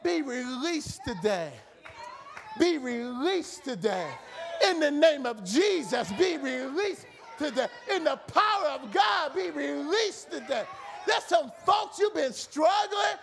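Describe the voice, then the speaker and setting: High-pitched shouting male preacher. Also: sing-song, takes it slowly, vocal fry, a faint crowd, slight background noise. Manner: shouting, repetitive fervent preaching. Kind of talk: sermon. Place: church.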